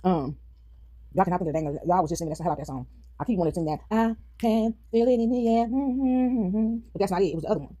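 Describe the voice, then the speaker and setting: Fast-talking chatty woman, dark voice. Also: sits low, breathy edge, dry recording. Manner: chatty, addresses viewers as y'all, sings snippets. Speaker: vlogger. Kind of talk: casual chat while eating. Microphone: phone.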